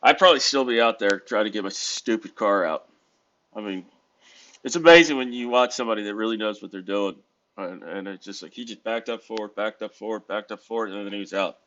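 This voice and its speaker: A man's voice: on the low side, a little fast, fairly bright tone, lo-fi sound. A tired man from the United States talking casually in a rambling, self-correcting, wry way from a hotel room. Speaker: vlogger. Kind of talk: casual vlog monologue.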